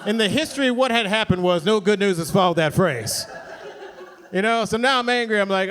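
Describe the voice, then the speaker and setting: A man's voice: high voice, fairly quick. A man doing a stand-up comedy set in a club, telling a story and acting out the people in it. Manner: animated storytelling with acted-out voices. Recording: live crowd laughter.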